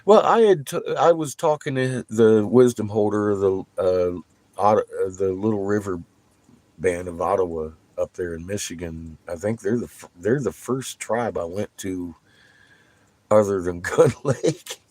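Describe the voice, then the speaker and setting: A man telling a rambling story in a casual, profane monologue, laughing between bursts of excitement. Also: low voice, unhurried, no room sound. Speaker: vlogger.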